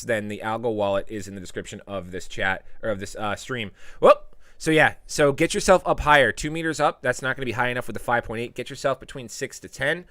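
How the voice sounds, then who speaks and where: A man hosting a casual live stream, reading viewer comments aloud and giving tips, with sudden loud playful outbursts. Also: mid-range voice, no echo, clean studio sound. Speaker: live stream host answering chat.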